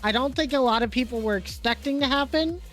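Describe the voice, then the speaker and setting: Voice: high voice, fast, fairly bright tone, soft background music. A podcast host leading the chat and asking a guest questions, with some fillers.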